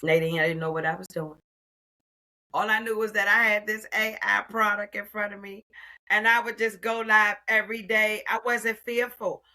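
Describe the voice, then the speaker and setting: A woman in her sixties telling her story as an interview guest, expressive and calling the listener "honey.". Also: medium pitch, normal speed, poor audio. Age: 60s. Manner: expressive, warm endearments like "honey". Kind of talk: animated personal storytelling.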